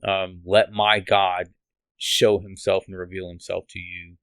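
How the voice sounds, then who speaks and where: A man's voice: low-pitched, level tone, unhurried, a bit bright, clear, resonant tone, no room sound. A man guest on a podcast, telling an emotional personal testimony in an earnest, rambling way with restarts and laughs, from the United States.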